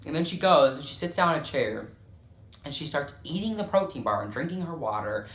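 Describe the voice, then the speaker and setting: In an echoey room, a young man delivers a dramatic storytime full of profanity and the filler "like." He speaks briskly and animatedly in a fairly high, slightly bright voice.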